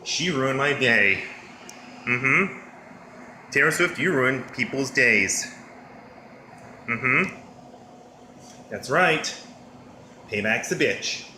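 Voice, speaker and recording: Slow-talking man in an echoey room. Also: mid-range voice, bright, forceful tone. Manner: slow, plain statements. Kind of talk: recorded video message. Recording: echoey room with faint background noise.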